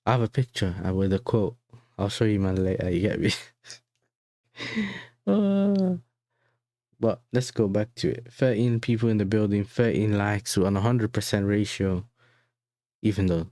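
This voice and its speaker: On a casual football livestream, a young host with a lowish, slightly mellow voice chats away in heavy slang, often tossing out "you know what I'm saying." His reaction talk is recorded dry.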